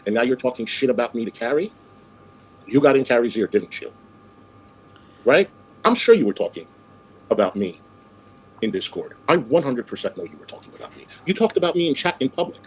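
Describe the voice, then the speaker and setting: A man's voice: mid-range voice, sing-song, brisk, long pauses, husky, rough recording. A man hosting a livestream, talking in a sassy, scolding way and calling people girl and honey. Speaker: livestream host. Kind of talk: casual livestream chat.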